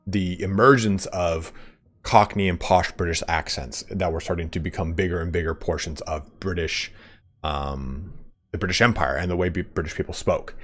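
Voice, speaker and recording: A man from California with a General American accent, chatting casually with his livestream chat while he plays and rambles. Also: deep voice. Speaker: gaming streamer.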